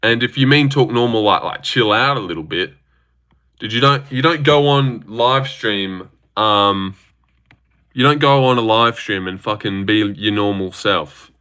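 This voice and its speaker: A young Australian man hosting a casual livestream, reading viewer comments in a brash, animated way with lots of swearing. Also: measured pace, clean tone. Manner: animated and brash, swears a lot, big pitch jumps. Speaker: livestream host.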